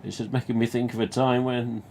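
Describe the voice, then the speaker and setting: A man's voice: medium pitch, level tone, brisk, darkish tone, slight background noise. A man with a Nottingham accent, hosting a live stream and casually telling a rambling, sweary story with restarts. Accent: Nottingham English. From England.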